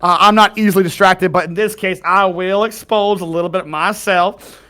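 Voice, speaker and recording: Bright, high-voiced man running a game. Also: steady tone, moderate pace. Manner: folksy drawl, laughing, rambling. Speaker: game master. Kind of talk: playing a tabletop game, doing character voices.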